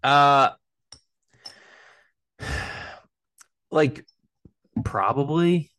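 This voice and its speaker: A man hosting a casual sports podcast, talking in a relaxed, hesitant way with lots of fillers and the odd swear word. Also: on the high side, very slow, dry recording. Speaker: podcast host.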